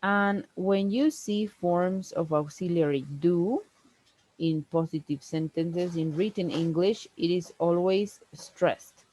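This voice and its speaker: Slow, low-voiced woman teaching English. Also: a little mellow, no echo, rough recording. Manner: slow, careful explaining with stressed words. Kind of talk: one-on-one online English lesson. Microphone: video call.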